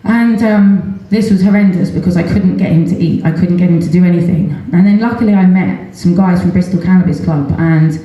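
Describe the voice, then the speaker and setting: Middle-aged woman, candid storyteller, warm low voice, booming echoey hall. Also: fairly quick, hardly any pauses, dull audio. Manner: earnest and candid, with nervous laughs and many ums. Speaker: seminar speaker, mother of patient. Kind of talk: personal story told in a public talk. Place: large event hall at a festival seminar.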